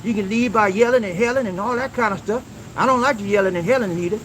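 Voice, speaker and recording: High-voiced preachy man giving relationship advice. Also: fast, fairly bright tone, slight background noise, poor audio. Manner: emphatic call-and-response, repeats lines for effect. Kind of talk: preachy motivational talk to viewers.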